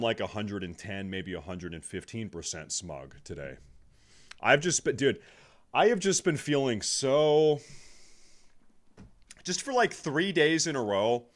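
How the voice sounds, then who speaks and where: A young man streams his reaction to a clip in a fairly low voice. He gloats and rants, swinging from quiet muttering to loud, swearing outbursts. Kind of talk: casual reaction commentary.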